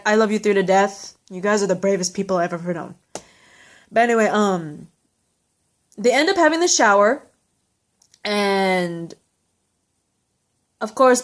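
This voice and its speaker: A woman's voice: mid-range voice, normal speed, long pauses. A young woman recapping a TV episode in a rambling, heartfelt, casual way, full of fillers and restarts.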